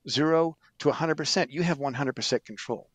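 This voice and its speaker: A middle-aged man, a sales trainer, telling stories in an animated, emphatic way as an interview guest. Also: on the high side, a little fast, breathy edge, no echo. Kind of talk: storytelling interview answer.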